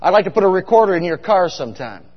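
Middle-aged preacher, high voice, big hall. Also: male voice, very animated, fast. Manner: chatty, asks the congregation questions. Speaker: pastor. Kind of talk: humorous storytelling sermon. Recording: dull sound with long hall reverb.

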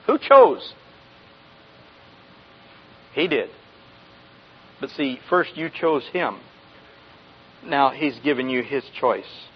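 A man's voice: medium pitch, very animated, very slow, long pauses, slightly rough. A man in his sixties preaching a folksy sermon, often asking the congregation questions and chuckling. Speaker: pastor. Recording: dull lo-fi recording.

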